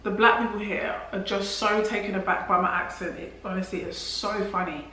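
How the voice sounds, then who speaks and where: A young London vlogger with a London English accent chats casually to camera in a very echoey room. Her mid-range voice is brisk, steady, and sharp-toned, and she scatters "like" fillers and restarts throughout.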